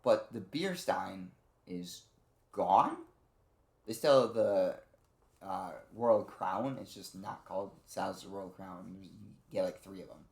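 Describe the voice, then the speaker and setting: A man with a low, gravelly voice talks through a video game in a loose, rambling way, swearing often and slipping into quoted lines from the characters. The sound is roomy, with a clear echo around him. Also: takes it slowly, darkish tone. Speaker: game reviewer and streamer. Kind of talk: casual spoken game review.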